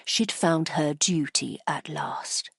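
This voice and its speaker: A woman narrating an audiobook in a measured, grave storytelling manner. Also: sits low, vocal fry, fairly bright tone, breathy edge, no echo, clean studio sound. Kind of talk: scripted narration.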